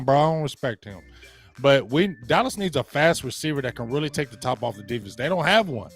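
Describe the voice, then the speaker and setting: A man's voice: mid-range voice, expressive, a little fast, husky, faint music behind. Trash-talking man hosting a sports stream. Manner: trash-talking, loud and emphatic, greets chatters. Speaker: sports show host. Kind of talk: live-stream sports talk and rant.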